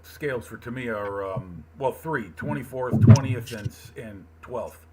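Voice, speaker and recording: A man co-hosting a live stream, talking casually, halting and self-deprecating. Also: mid-range voice, over a noisy crowd. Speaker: stream co-host. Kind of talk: casual chat.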